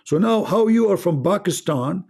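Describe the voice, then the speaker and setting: A man's voice: high-pitched, expressive, normal speed, vocal fry, darkish tone, breathy edge. A man hosting a heated live online debate, arguing in broken English, cutting in and repeating phrases to make his point. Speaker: debate host.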